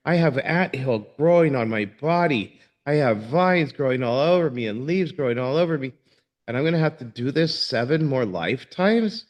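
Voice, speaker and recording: An impatient male yogi bursts out in indignant, exasperated complaint, put on by a man telling a story. His voice sits at an ordinary middle pitch, and the delivery is plain and everyday. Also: expressive, normal speed, natural voice.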